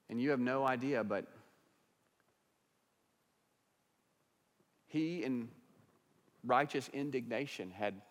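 A man voicing Abigail, calm and hushed. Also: fairly low pitch, long reverb tail, voice pushed down, lightly acted. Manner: calm, quiet and measured. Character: calm righteous woman gently confronting her husband.

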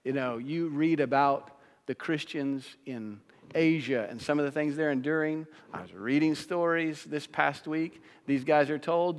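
A male pastor preaching a sermon, shifting from hushed, low passages to loud, high-pitched peaks. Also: measured pace. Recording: long hall reverb.

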